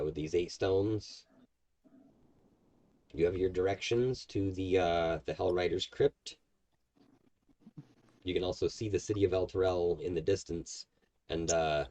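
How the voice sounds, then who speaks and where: A man's voice: low-pitched, mellow. A man narrating as game master of a tabletop game, explaining at length with many fillers. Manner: rambling, filler-heavy explaining.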